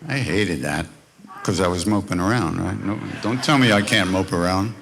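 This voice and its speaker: This workshop leader has a low, fairly bright voice with vocal fry, and he moves briskly; there is slight background noise. A spiritual teacher at a live retreat, he teaches informally by telling stories in a wry, conversational style and acting out the characters.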